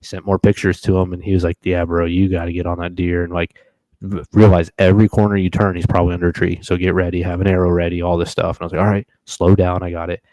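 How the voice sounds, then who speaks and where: A young man telling a long hunting story in a casual, profane, animated way on a live stream. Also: sits low, fast talker, no room sound, poor audio. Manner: animated, profane, acts out his own reactions.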